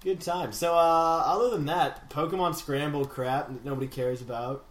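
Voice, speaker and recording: A young man co-hosting a casual gaming podcast, chatty and animated, stretching out names slowly when he reads league standings. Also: on the high side. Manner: animated, slow announcer drawl for standings. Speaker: podcast co-host. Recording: echoey room.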